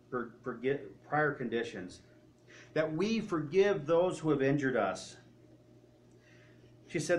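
Man preaching, telling a story quietly. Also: fairly high pitch. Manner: retelling a story with quoted speech, often trailing off quietly. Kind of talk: sermon storytelling.

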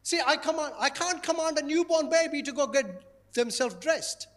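A male pastor preaching a sermon in an animated, playful way, repeating his key phrases. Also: very high-pitched, normal speed.

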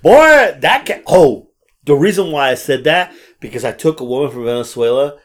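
A man telling stories in a casual chat, animated and swearing freely. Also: a little high, normal speed. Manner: animated storyteller, acts out quotes, swears freely. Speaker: podcast co-host.

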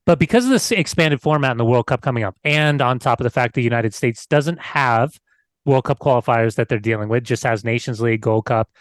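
A man's voice: medium pitch, a little fast, no room sound. A man co-hosting a podcast in casual chat, laid-back, often stumbling over his words. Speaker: podcast co-host.

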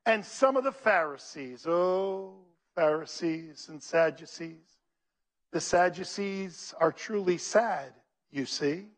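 This pastor's sermon comes slowly, in a high voice. He reads scripture aloud and calls out to his congregation with an animated, preacherly delivery.

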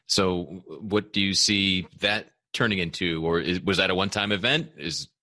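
A man hosting a podcast in casual conversation, playful and quick to laugh, often restarting his sentences. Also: sits low, sharp tone, dry recording. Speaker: podcast host.

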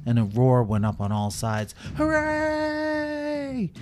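A man gently narrating a children's story, expressive and reading every part aloud. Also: lowish voice, moderate pace, soft background music.

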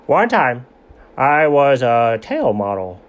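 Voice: mid-range voice, sing-song, slow. A performer voicing a boastful male cartoon dog who rambles through tall tales with dry sarcasm. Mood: storytelling. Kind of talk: comedic cartoon voice acting.

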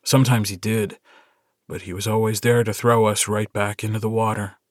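A male narrator voicing a steady, earnest young werewolf alpha who talks in a calm, quietly firm way. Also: on the low side, moderate pace, no room sound, studio quality, lightly acted.

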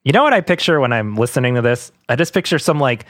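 A man in casual conversation as a podcast co-host, his voice at an ordinary middle pitch. He rambles and laughs easily, and the recording is close and dry. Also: expressive, quick pace, fairly bright tone, no echo. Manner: chatty, rambling, laughs often. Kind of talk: casual chat.

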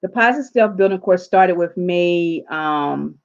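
Her lowish voice is creaky and unhurried, and the recording's highs are cut off. An interview finds this southern U.S. life coach telling her story with animation, voicing her own words in quotes.

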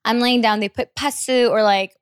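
A young woman chatting on a podcast in a fairly high voice, animated and blunt. She swears freely and laughs through her stories. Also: moderate pace, clean tone, no room sound, clean studio sound. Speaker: guest musician. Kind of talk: casual podcast chat.

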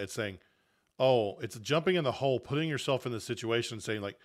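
A man's voice: mid-range voice, animated, normal speed. Earnest man explaining on a podcast. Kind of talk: casual podcast discussion.

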